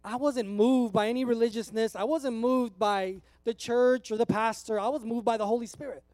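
A man in his thirties from California with a very high voice, preaching an earnest, conversational sermon. The sound is close and dry, with no room echo. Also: fairly even intonation, moderate pace, a little mellow. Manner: earnest, conversational, emotional at times. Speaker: pastor.

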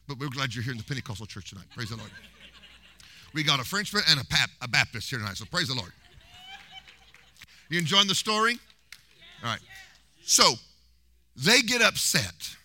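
A man preaching a sermon in a church, telling history as an animated, humorous story and mimicking voices. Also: on the high side, no room sound.

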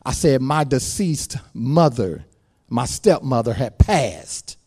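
A male pastor preaching a sermon, moving from quiet storytelling to loud shouted passages. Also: medium pitch, very animated, takes it slowly, breathy edge.

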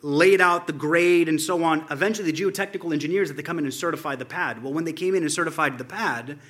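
A man with a forceful, bright tone gives an informal spoken tribute to friends. He tells loose, wandering stories over a slideshow and chuckles often as he goes. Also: fairly high pitch, fast. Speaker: church friend presenting a photo slideshow.

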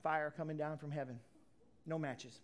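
A man preaching a sermon as a pastor, swinging from loud declarations to hushed asides, with folksy plain talk. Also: a little high, steady tone, moderate pace.

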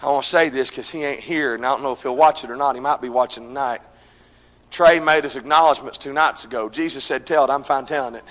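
A man preaching a revival sermon, swinging between shouted, chanted lines and quieter pleading passages. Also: fast. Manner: shouting, chanting preaching with sudden drops to low intensity. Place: church. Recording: echoey church hall with congregation.

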